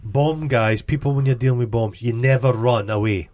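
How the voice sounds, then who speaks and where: A man's voice: mid-range voice, moderate pace, a little mellow. A Scottish man co-hosting a podcast, chatting casually and crudely about a film, joking and putting on silly voices. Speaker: podcast co-host. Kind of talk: casual film review chat.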